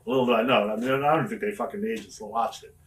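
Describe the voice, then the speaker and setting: Male guest, fast foul-mouthed storyteller, mic set back from him. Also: on the low side, fairly even intonation, far from the mic. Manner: profane, laughing anecdote telling. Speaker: wrestler guest. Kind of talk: storytelling shoot interview.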